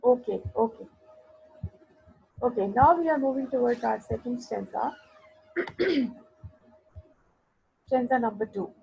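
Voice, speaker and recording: A woman teaching an English literature class online, explaining a poem slowly and mixing Urdu phrases into her English. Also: fairly high pitch, lively intonation, creaky, a little mellow, slightly rough, rough recording. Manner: explains slowly, mixes Urdu into English, asks students for replies.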